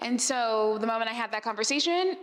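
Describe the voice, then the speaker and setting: This Arizona podcast host fields audience questions at a live event, spinning chatty stories sprinkled with "like" and laughs. She speaks fairly quickly in an expressive, fairly bright voice on the high side. The event-space recording has long hall reverb and slight background noise.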